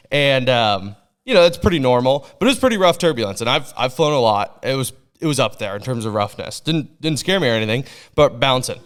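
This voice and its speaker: A man's voice: medium pitch, lively intonation, a little fast, a bit bright, clean tone. A man co-hosting a podcast who tells a story in a casual chat, with lots of fillers. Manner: chatty storyteller with frequent fillers. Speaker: podcast co-host.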